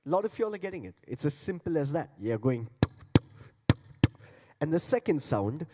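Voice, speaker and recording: In a large conference hall, a man gives a playful, interactive stage talk and demo on beatboxing, coaxing the audience to join in. His slightly high voice is very animated at a normal speed. Heavy background noise and long hall reverb fill the recording.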